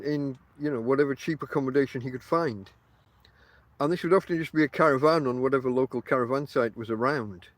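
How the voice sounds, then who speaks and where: A middle-aged northern English man whose accent blends Yorkshire and Lancashire talks in a slightly high voice, meandering through his story with fillers and restarts. He speaks right into the mic outdoors, with a dry, close sound and no room around him. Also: no room sound. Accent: northern English, mixed Yorkshire and Lancashire. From England. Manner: meandering, chatty, many ums and restarts, addresses listeners directly. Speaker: podcast host. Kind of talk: casual rambling monologue to listeners. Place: outdoors on the coast.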